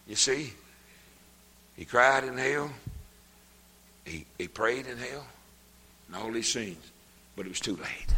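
An older man preaching a sermon, folksy and plain-spoken, his voice swelling up into shouts. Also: medium pitch, lively intonation, a little slow, gravelly, long pauses, slightly rough, in a large hall.

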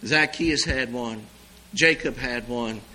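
A man preaching a sermon in a folksy, animated way, swinging from loud exclamations to hushed asides. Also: mid-range voice, slow pace, slight background noise, rough recording.

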